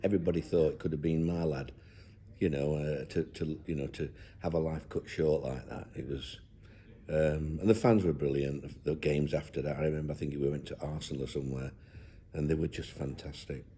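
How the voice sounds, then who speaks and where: A man's voice: rumbling low, fairly even intonation, a little fast, dark tone, a little hiss or hum. An older man, a football manager, talking down-to-earth in an interview and reminiscing with frequent restarts. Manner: down-to-earth, rambling with many restarts. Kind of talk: reflective interview chat.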